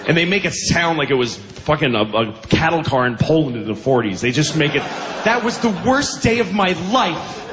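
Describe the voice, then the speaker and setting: A man rants through a stand-up set in high, swooping tones, mock-outraged and incredulous. His stage mic rings in a roomy hall, with a crowd laughing behind him. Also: sing-song, normal speed, noisy background. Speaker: stand-up comedian. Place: comedy stage before an audience.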